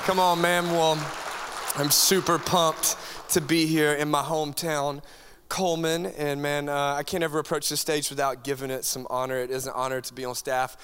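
A high-voiced man preaches with lots of energy, cracking jokes and calling out to the crowd. His tone is bright and sharp, and a long reverb from the big church hall trails after each phrase. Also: normal speed, smooth. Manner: animated, joking, talks straight to the crowd. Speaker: youth pastor. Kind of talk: energetic sermon to a congregation.

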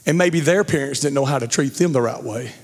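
A middle-aged male pastor preaching a sermon, telling a story with lively acted-out quotes and then speaking to the congregation. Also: mid-range voice, fairly quick, slightly rough. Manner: animated storyteller, acts out quotes loudly. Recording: long hall reverb.

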